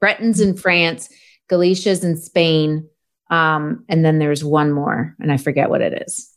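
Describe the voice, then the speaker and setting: Effusive woman host, lower voice. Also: steady tone, measured pace. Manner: enthusiastic, effusive praise. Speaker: podcast host. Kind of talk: casual interview chat.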